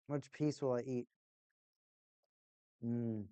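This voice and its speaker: A woman's voice: a bass voice, steady tone, slow pace, mellow, dry recording. A woman hosting a casual hockey watch-party stream, rambling and joking and repeating herself as she chats to viewers. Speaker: livestream host.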